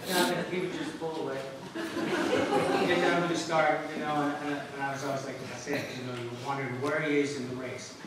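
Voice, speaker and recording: A man recalls a fellow rider at a memorial service, his slightly high voice halting and looping back on itself as he laughs through old stories. He sounds distant from the mic. A booming echo and steady background noise fill the room. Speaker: eulogist, former jockey. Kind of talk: anecdotal memorial speech. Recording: echoey hall, mic from far off, noisy.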